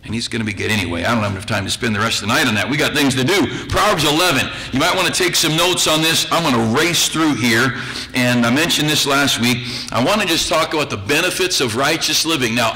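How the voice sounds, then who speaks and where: A man's voice: a little high, sharp tone, low-quality recording. A male pastor preaching a sermon in a church, folksy and teasing, acting out the voices of the people he quotes. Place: church sanctuary.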